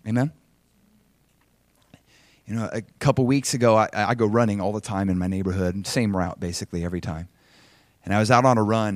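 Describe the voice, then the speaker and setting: A middle-aged man preaching a sermon as a pastor, swinging from impassioned exhortation to quiet personal storytelling. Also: fairly low pitch, no room sound.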